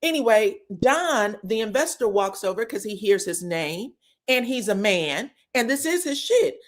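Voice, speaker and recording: A woman's voice: a little high, measured pace. A woman recapping reality TV drama in casual gossip, telling it with energy and swearing freely. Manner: animated storytelling, swears freely, acts out what others said; keeps checking in with "you know what I'm saying". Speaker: reality TV commentator.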